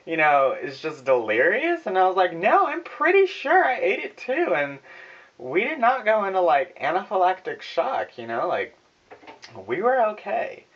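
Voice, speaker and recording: A man's voice: sits high, wildly swooping pitch, normal speed, a bit bright. A young man telling a sarcastic, profane story in a casual vlog from his home kitchen, filmed on a phone. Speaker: vlogger. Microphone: phone camera. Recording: dull phone recording.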